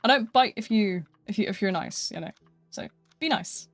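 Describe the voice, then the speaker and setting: A woman's voice: medium pitch, expressive, moderate pace, fairly bright tone, no echo, soft background music. Young British woman, casual streamer, chatty and giggly, dry close sound. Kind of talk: casual live-stream chat while gaming.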